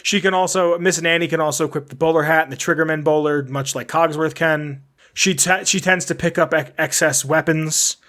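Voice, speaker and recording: A man's voice: a little high, fairly even intonation, fairly quick, fairly bright tone. A man hosting a casual podcast, reading lore notes aloud and often stumbling over and correcting words. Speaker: podcast host.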